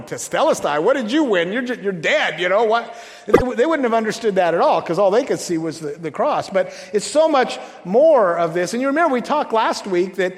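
Male pastor, high-set voice, chatty sermon full of restarts and asides, reverberant church sound. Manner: conversational, halting restarts, joking asides.

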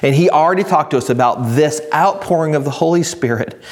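A man preaching a sermon, reading scripture slowly and building to emphatic, raised delivery. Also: fairly high pitch. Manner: reads scripture slowly and deliberately. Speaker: pastor.

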